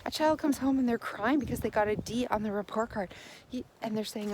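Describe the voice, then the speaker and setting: A fairly high-voiced woman delivers a motivational self-help monologue. Her tone is gentle and encouraging, and she circles back to the same phrases again and again. Faint noise sits under the voice. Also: brisk.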